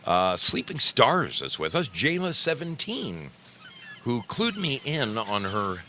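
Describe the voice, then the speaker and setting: A man's voice: mid-range voice, wildly swooping pitch, slow, sharp tone, slight background noise. A man hosting a casual livestream, greeting viewers by name in a folksy, chatty way from a home studio. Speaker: livestream host.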